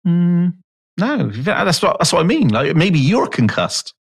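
A man's voice: high-pitched, very animated, measured pace, husky. A man co-hosting a podcast, chatting casually with dry, laid-back ribbing. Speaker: podcast co-host. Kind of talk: casual chat.

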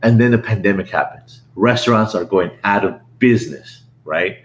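A middle-aged man, a business owner, telling his story as a podcast guest in a lively, casual way, often repeating words and acting out what people said. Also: moderate pace. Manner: animated, repeats words, acts out quotes in a higher voice. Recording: roomy echo.

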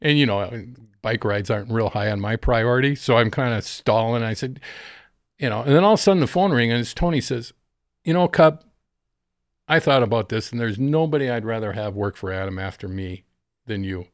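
A man's voice: medium pitch, brisk. A middle-aged man, a guest in a studio interview, telling stories with lots of laughter and acted-out quotes. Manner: animated storyteller, laughs often, acts out quoted voices. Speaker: guest, golf caddie. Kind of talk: storytelling in a casual interview.

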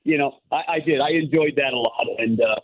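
A man's voice: on the high side, fairly quick. A former goalie turned hockey analyst, a man, calling in and telling rambling anecdotes full of restarts. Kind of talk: casual phone-in interview. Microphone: phone. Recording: tinny phone line.

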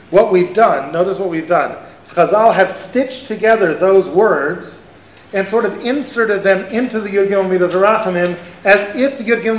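A rabbi teaching a class, a man speaking in an animated lecture style with lots of rhetorical questions. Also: sits high. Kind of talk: lively lecture. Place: event hall. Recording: roomy hall sound.

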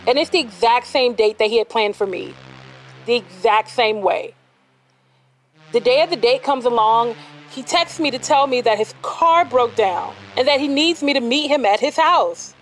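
A woman's voice: a little high, moderate pace, a little hiss or hum, rough recording. A woman telling a personal true story in a candid, conversational and dramatic manner.

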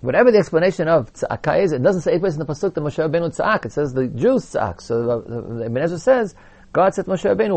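A man's voice: a little high, sing-song, fast talker, darkish tone. A man teaching a Torah lecture, explaining texts and acting out quoted complaints with emphasis.

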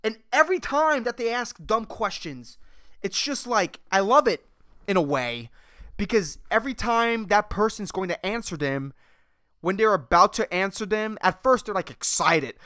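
A man hosts a casual solo podcast, ranting and rambling with plenty of swearing. His pitch swings widely, and his voice is bright and clear. The recording is dry and close. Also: expressive, normal speed, dry recording. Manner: profane, rambling, exasperated ranting. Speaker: podcast host.

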